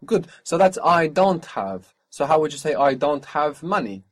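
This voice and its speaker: A man's voice: a little high, very animated, normal speed. A man teaching a spoken language lesson, patiently asking for phrases, repeating each answer back and explaining pronunciation.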